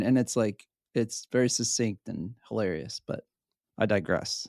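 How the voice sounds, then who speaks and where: A man's voice: on the low side, moderate pace, a little mellow, no room sound, studio quality. A man co-hosting a podcast, cracking jokes and wandering into rambling asides. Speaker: podcast co-host. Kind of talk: casual podcast chat.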